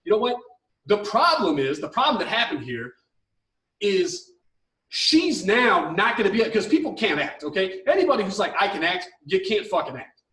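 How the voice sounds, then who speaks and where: A man's voice: high voice, very animated, moderate pace, pushed and bright, echoey room, recorded from a distance, rough recording. A man co-hosting an advice podcast, ranting heatedly with lots of swearing and mocking impressions of the people he talks about. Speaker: podcast co-host.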